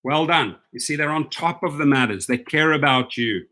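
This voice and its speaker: A man hosting a casual livestream for gig drivers, chatty and excitable, reading viewer comments aloud. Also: fairly high pitch, normal speed.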